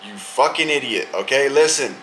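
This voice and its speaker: A man's voice: medium pitch, animated, normal speed, fairly bright tone, slight background noise, low-quality recording. A young man hosting a podcast, ranting about fights in a heated, profane, casual way. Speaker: podcast host. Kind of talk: casual profane sports rant.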